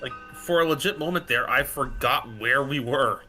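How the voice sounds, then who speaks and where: A man's voice: medium pitch, normal speed, bright, forceful tone. A man chatting playfully with a friend during a gaming stream. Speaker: streaming guest. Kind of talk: casual chat while gaming. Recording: music playing behind.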